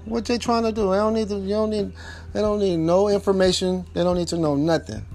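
A man talks the listener through a breakup in a casual, informal monologue, hammering his points home again and again. His voice sits a little high for a man. Soft music plays faintly underneath. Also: steady tone, brisk. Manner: repetitive, emphatic, talks straight to the listener; informal speech with double negatives. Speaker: relationship advice giver.

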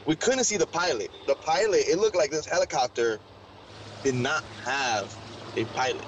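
A man's voice: fairly high pitch, normal speed, a bit bright, slight background noise, rough recording. A man from Mexico telling a story in a rambling, slangy way full of fillers. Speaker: interviewee recounting an encounter. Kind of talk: casual storytelling.

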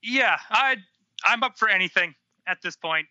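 A man chatting casually as a podcast guest, easygoing and quick to laugh, heard over a dull lo-fi remote line. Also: high-pitched, animated, bright, forceful tone, no echo. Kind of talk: casual chat.

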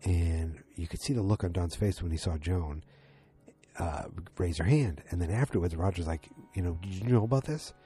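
Male recapper, low pitched, loose rambling delivery, raspy. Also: normal speed, mellow. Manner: rambling, many fillers and restarts, acts out quotes. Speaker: TV episode recapper. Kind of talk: casual spoken recap.

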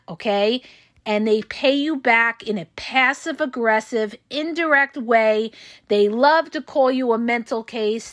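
High-voiced, emphatic woman podcaster. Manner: forceful, repeats points, frequent "okay?" tag questions. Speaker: podcast host and coach. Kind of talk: emphatic advice monologue.

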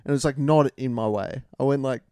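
A young Australian man with a mellow, mid-pitched voice trades laid-back, profane banter on a podcast. The sound is dry and close, with no room echo. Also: fast, smooth. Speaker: YouTuber and podcast co-host. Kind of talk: casual podcast chat.

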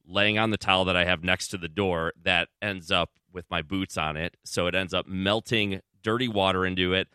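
A man's voice: fairly even intonation, moderate pace, hardly any pauses, pushed and bright, clear, resonant tone, no room sound, clean studio sound. A man co-hosting a radio show, chatting casually and playfully. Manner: playful, jumps high when quoting himself. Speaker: radio co-host.

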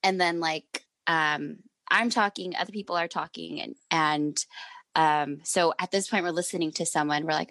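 A woman's voice: low-pitched, fairly even intonation, moderate pace, fairly bright tone, no room sound. A woman in her thirties, a manager and parent, telling a story in casual chat and acting out the quotes.

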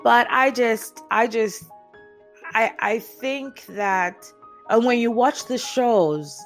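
A woman's voice: fairly high pitch, takes it slowly, soft background music. A woman chatting casually as she recaps a reality TV show, acting out what people said and laughing often. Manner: animated storyteller, acts out quotes, laughs often. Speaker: reality TV commentator.

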